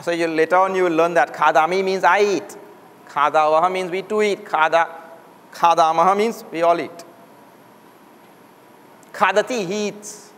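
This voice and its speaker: High-voiced man teaching in a hall. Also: steady tone, normal speed, pauses often, a bit bright. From Trinidad and Tobago. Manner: drills sounds aloud for students to repeat. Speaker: Sanskrit teacher. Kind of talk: classroom lesson. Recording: long hall reverb.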